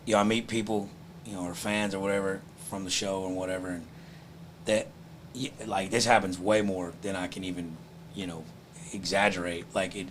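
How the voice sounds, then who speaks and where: A man with a deep, gravelly voice, talking in a drawl full of swearing. He tells loose, joking stories. A faint room hum sits behind him. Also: steady tone, brisk. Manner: drawling, profane storyteller. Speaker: stand-up comedian guest. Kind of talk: casual chat.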